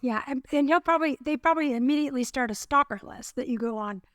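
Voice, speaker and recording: High-voiced playful woman podcast co-host. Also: quick pace, a bit bright, no echo. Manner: chatty, playful, self-mocking. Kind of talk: casual chat.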